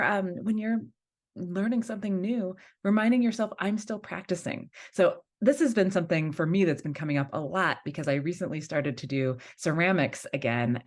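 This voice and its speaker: A woman hosting a self-help video, giving advice in a chatty way and often checking in with "right?". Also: deep voice. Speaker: host. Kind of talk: casual advice talk to camera.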